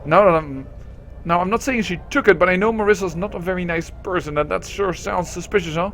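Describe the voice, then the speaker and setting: A man's voice: high voice, a little fast, a bit bright, a little hiss or hum. A man putting on a timid giggly young woman. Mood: gossipy.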